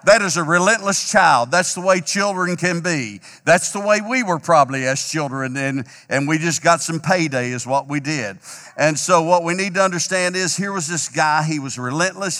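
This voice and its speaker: A man preaching an emphatic, repetitive sermon as pastor, a little hoarse. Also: a little high, normal speed, sharp tone, long reverb tail. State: slightly hoarse, clearing throat.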